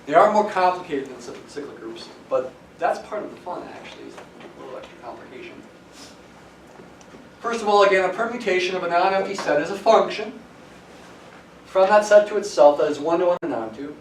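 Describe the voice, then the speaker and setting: A man's voice: sits high, expressive, brisk. Male lecturer in an echoey classroom. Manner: explanatory, stresses key words. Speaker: math professor. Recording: echoey classroom from some distance, faint hiss.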